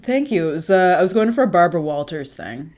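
A woman's voice: lowish voice, expressive, quick pace, darkish tone. A woman co-hosting a podcast in casual chat, with a dry, joking manner and frequent laughter. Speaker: podcast co-host.

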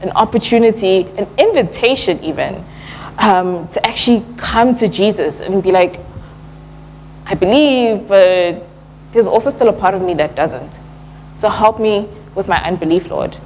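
A young woman gives a laid-back church talk, filling her pauses with "um" and slipping in casual slang. Her pitch sits in a natural middle range for a woman, and a faint hum runs quietly underneath. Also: low-quality recording. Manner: relaxed and conversational, lots of "um" and slang like "yo". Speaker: church speaker. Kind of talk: casual sermon.

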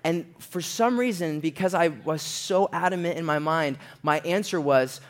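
A man's voice: on the high side, moderate pace. A young man telling a personal story in a sermon, acting out the quoted voices as he goes. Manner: animated storyteller, acts out quotes in a raised voice.

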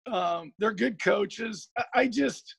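Gravelly high-voiced earnest coach. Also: male voice, slow pace, fairly bright tone, dry recording. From Oregon. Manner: rambling, repeats words, earnest. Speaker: high school football coach. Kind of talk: guest storytelling on a podcast.

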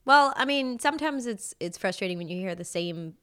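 A woman, a voice actress guesting on a podcast, telling relaxed anecdotes with many fillers. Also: mid-range voice, brisk, clear, resonant tone. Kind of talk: casual interview chat.

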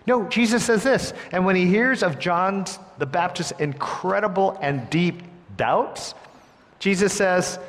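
Expressive male preacher in a reverberant hall. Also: high-pitched, measured pace. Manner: expressive, swings between hushed and emphatic delivery. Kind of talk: sermon.

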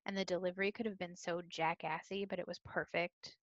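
A woman's voice: on the low side, level tone, fairly quick, no room sound, muffled recording. A woman co-hosting a podcast, chatting enthusiastically about a TV episode. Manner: enthusiastic, gushing. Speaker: podcast co-host. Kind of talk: casual TV recap chat.

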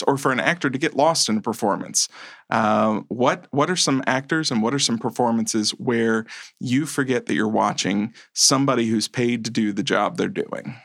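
A man's voice: mid-range voice, a bit bright, dry recording, clean studio sound. A man co-hosting a podcast about movies, talking casually, rambling a little and correcting himself as he goes. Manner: rambling, self-correcting, chuckles often. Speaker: podcast co-host. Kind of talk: casual film chat.

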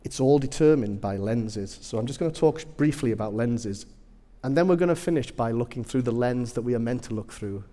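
A man's voice: medium pitch, animated, fairly quick, few pauses, warm tone, in a large hall. A man preaching a sermon, telling humorous personal stories with self-deprecating asides.

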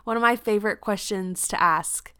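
A young adult woman hosting a podcast, chatting casually, bubbly and quick to laugh, with lots of "like". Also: medium pitch, sharp tone, smooth, no room sound, clean studio sound. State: pregnant. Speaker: podcast host. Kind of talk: casual chat.

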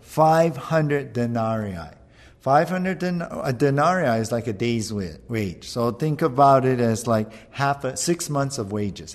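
A man preaching a conversational sermon, animated and often checking in with the listeners. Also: mid-range voice, big-room sound. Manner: conversational, animated, keeps asking "right?". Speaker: pastor.

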